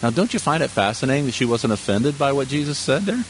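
In a conversational sermon, a male pastor fires off asides and rhetorical questions to his congregation. His mid-range voice has a sing-song lilt and a fast delivery, with a little hiss or hum in the background.

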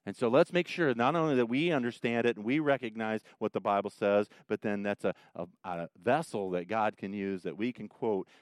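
A pastor gives a chatty sermon, often breaking off for teasing asides. His voice is smooth and resonant, of average pitch for a man, and sounds close and dry. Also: a little fast, few pauses, no room sound. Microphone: microphone.

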